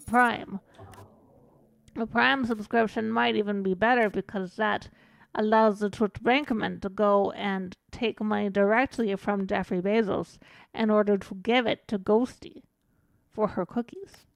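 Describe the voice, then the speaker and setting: A woman with a smooth, clear voice chats slowly and giggles often as she streams a game. She rambles from thought to thought and refers to herself by her own nickname. The sound is dry and close. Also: a little high, no room sound. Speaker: VTuber streamer. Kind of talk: casual chat while streaming a game.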